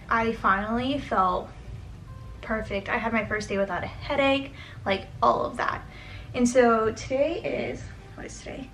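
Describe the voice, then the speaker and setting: A woman's voice: fairly high pitch, fairly bright tone, poor audio. A young woman giving a sit-down vlog update, talking in an earnest, chatty way with plenty of "like" fillers. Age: young adult. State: getting emotional, close to tears. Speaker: vlogger.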